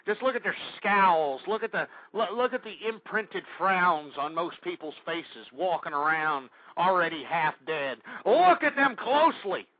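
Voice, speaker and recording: A man with a high, husky voice rants and shouts insults as a radio host, breathless and heated. The sound is dull and lo-fi, and the voice sits close and dry. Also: dry recording. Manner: angry ranting, shouting insults. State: out of breath, sweating. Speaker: radio talk show host. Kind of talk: ranting political commentary.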